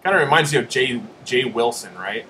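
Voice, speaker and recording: A man's voice: mid-range voice, lively intonation, fairly quick, background noise. A man hosting a casual live stream, rambling and joking as he answers chat.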